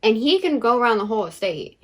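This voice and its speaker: A woman's voice: on the high side, very animated, fast talker, a bit bright. A young woman co-hosting a book vlog, chatting casually with lots of fillers and frequent laughs. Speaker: book vlogger co-host. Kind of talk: casual chat.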